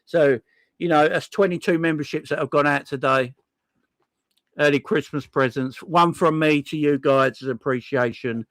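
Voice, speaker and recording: A man hosting a casual livestream, thanking viewers one by one in an excitable, effusive way with plenty of slang. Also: a little high, moderate pace, no echo. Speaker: livestream host.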